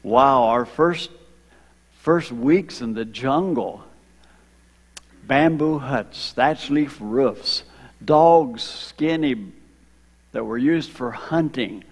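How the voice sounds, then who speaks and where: An older man from Ohio, a retired missionary, telling his story to a church congregation, slowing down for emphasis and drawing in the children. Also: mid-range voice, breathy edge. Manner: storytelling, slows for emphasis, engages kids. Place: church sanctuary. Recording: long hall reverb.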